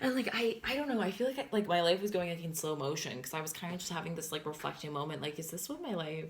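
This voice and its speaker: A woman's voice: fairly low pitch, fast. Chatty young woman telling a story. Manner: chatty, filler-heavy with constant "like", swears and laughs. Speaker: vlogger. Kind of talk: casual storytime chat.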